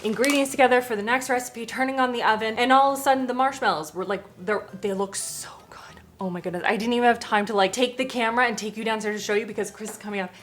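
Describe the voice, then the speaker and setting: A woman's voice: fairly high pitch, racing, few pauses. Bubbly woman vlogging in her kitchen, chatty, faint music behind her. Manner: chatty, excitable, talks to the camera. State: out of breath. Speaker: cooking vlogger. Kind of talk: casual cooking vlog.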